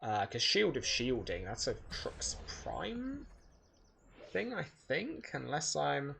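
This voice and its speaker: A man's voice: fairly high pitch, wildly swooping pitch, takes it slowly, creaky, sharp tone, a little hiss or hum. A man giving casual speedrun commentary while playing, rambling and correcting himself as he thinks aloud. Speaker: gaming video creator.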